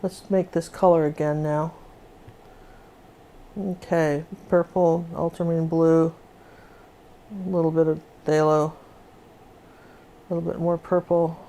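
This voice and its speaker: A woman's voice: fairly low pitch, a little mellow. An older woman teaching a live acrylic painting lesson, chatting as she works and often restarting her sentences. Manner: chatty, talks while working, restarts often. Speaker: painting instructor.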